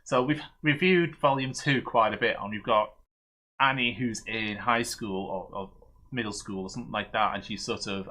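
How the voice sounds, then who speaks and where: Male streamer host, low-ish but bright voice, loose rambling recap of comics. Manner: rambling, many fillers and restarts. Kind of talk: casual comic review chat.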